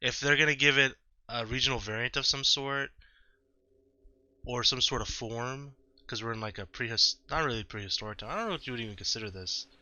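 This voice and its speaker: A man's voice: medium pitch, a little fast, pushed and bright, no echo. A man hosting a let's-play, rambling through casual gameplay commentary at home and often correcting himself. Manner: rambling, self-correcting, chatty. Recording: slightly dull lo-fi mic.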